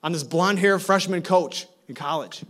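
A middle-aged man from Minnesota preaching as a guest speaker, telling a story with lively energy and acting out each conversation in changing voices. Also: high-pitched, normal speed. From Minnesota, USA. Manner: animated, acts out dialogue with shifting voices. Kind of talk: storytelling sermon.

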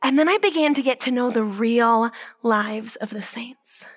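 Her voice is high as this Catholic speaker shares inspirational stories with plenty of lively energy. Important words come out slowly, and at times she falls to a hushed whisper to stress a point.

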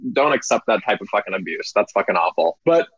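A man's voice: on the low side, expressive, quick pace, breathy edge, no echo. Man guest, blunt and crude storyteller, dull dry video-call sound. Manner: candid, crude, laughing storyteller. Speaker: podcast guest. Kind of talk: casual chat.

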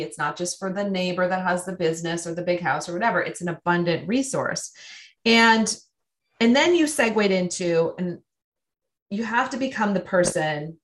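Lady podcast host, kinda low voice, excited, recapping stuff for listeners. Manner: enthusiastic, recaps points for listeners. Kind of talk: conversational interview.

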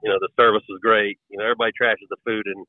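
This West Virginia man speaks with an Appalachian accent and a lowish, flat voice, racing along as a podcast guest in casual chat. He tells rambling, folksy stories. The recording is dry but tinny, like a phone line.

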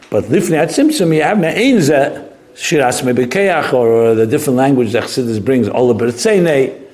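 A man's voice: medium pitch, a little mellow. A man teaching a text study lesson, thinking aloud with restarts and mixing in Hebrew terms. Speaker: Torah teacher. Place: study hall classroom.

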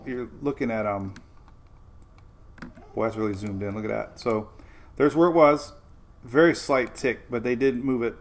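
Guy doing a laid-back weather livestream, talks straight to folks watching, kinda rambly and repeats stuff, average pitch. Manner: chatty and informal, repeats himself; talks directly to viewers. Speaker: weather show host. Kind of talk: casual live weather update.

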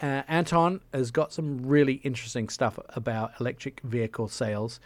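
A man's voice: medium pitch, brisk, hardly any pauses, dry recording. A man hosting a radio show, chatting casually and enthusiastically, with jokey asides.

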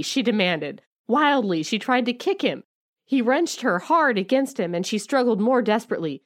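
A woman's voice: a little high, very animated, normal speed, dry recording, clean studio sound. A woman co-hosting a comedic book-club chat, reading passages aloud with sarcastic, giggly mock melodrama. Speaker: podcast co-host.

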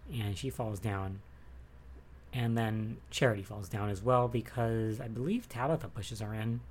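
A man's voice: mid-range voice, darkish tone, a little hiss or hum. A man casually recapping soap opera episodes, chatty and rambling, with lots of fillers and asides. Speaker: recap vlogger.

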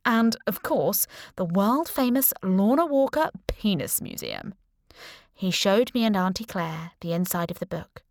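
A woman reading a first-person novel aloud with a wry, sardonic edge. Her voice sits at a middle pitch, and the recording is dry and close. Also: dry recording. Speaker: audiobook narrator. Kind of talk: first-person scripted narration.

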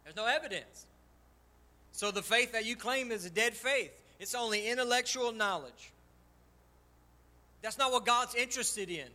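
Man, pastor, high bright voice, passionate sermon delivery in a church. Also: normal speed, pauses often. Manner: impassioned, personal testimony, swings loud and soft. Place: church sanctuary.

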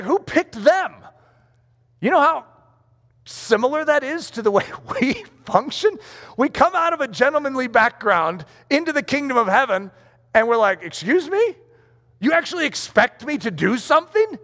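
A man with a high voice preaches a sermon in a large hall, and his words ring out with long reverb. He speaks with emphasis and acts out the voices of the people he quotes. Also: a bit bright.

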